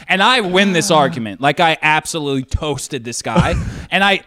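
A man's voice: on the high side, a little fast, crowd noise. Foul-mouthed New guy telling a story. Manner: profane, animated storytelling, says dude a lot. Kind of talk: casual chat, storytelling.

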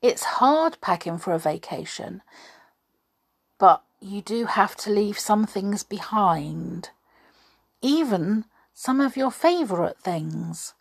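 A woman voicing a kind, calm male cartoon mouse in a children's storybook reading. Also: mid-range voice, slow, gravelly, slightly rough, no echo, studio quality, exaggerated voice. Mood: reassuring. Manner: gentle, reassuring.

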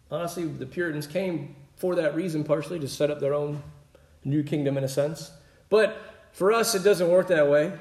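A man's voice: a little high, a little mellow, reverberant. A man preaching a sermon in a conversational way, often checking in with his listeners. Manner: conversational, keeps asking "right?".

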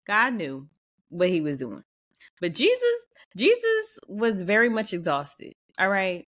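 A woman's voice: mid-range voice, fairly bright tone. A woman hosting a casual, faith-based motivational talk, speaking conversationally, repeating phrases for emphasis and laughing often. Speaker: podcast host.

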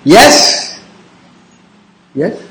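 A man's voice: very slow, fairly bright tone, reverberant, rough recording. A man teaching a devotional class, informal and teasing, who keeps checking with his listeners by asking "yes?" and "understand?" after each point. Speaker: religious teacher.

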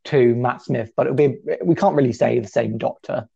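Young male co-host, gravelly and mellow, chatty and self-mocking, dull lo-fi sound. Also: normal speed. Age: 20s. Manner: chatty, self-deprecating, lively pitch jumps. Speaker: podcast co-host. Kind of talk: casual chat.

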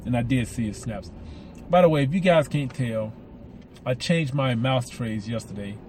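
At a moderate pace, a Southern-accented man delivers a casual solo podcast monologue, rambling and repeating himself. His mid-range voice has a darkish tone, mouth aligners give him a slight lisp, and faint background noise is present.

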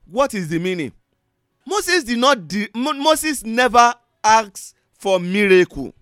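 Male preacher, high voice, dry close sound, fervent chanted prayers, shouts and hushes. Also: very animated, takes it slowly, no echo. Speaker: pastor. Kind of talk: sermon with call-and-response prayer.

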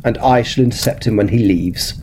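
A man's voice: fairly low pitch, a little mellow, slight background noise, lightly acted. A man reading the part of a composed, methodical Victorian lawyer who lays out a plan. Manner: measured, businesslike.

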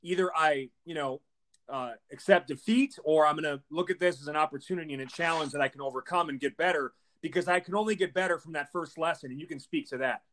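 Enthusiastic Midwest-accented podcast host. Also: male voice, fairly high pitch, a bit bright. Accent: Wisconsin Midwest American. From Wisconsin, US Midwest. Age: 30s. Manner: enthusiastic, fast-talking, lots of fillers like man and you know. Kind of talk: podcast intro and interview.

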